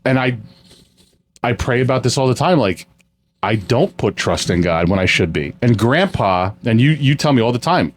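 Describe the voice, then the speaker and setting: A man's voice: medium pitch, animated, moderate pace. A man in his forties, co-hosting a casual chat, talking candidly and reflectively about himself. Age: 40s. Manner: candid, self-deprecating and reflective. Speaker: podcast co-host running the family business.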